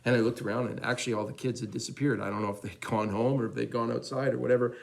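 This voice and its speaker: A man giving a storytelling testimony at church, animated and chatty, acting out the dialogue of the people in his story. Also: medium pitch, racing, gravelly, low-quality recording. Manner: loose and chatty, repeats fillers. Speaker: church member giving a praise report.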